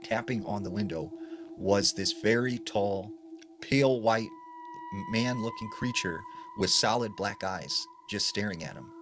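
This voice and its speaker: A man casually retelling scary stories in a chatty manner, often dropping "like" and "you know" between phrases. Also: fairly low pitch. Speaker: storyteller. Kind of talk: casual spoken storytelling. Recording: noisy background ambience.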